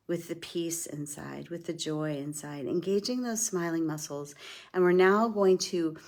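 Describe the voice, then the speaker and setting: A middle-aged woman leading a guided breathing and laughter exercise in a slow, soothing way as a wellness instructor. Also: fairly low pitch. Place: indoors, moving around in front of a camera.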